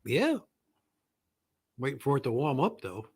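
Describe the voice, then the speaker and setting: A man's voice: mid-range voice, very animated, measured pace, husky, dry recording. A man chatting casually in an easygoing way, mostly with short agreeing replies. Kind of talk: casual chat.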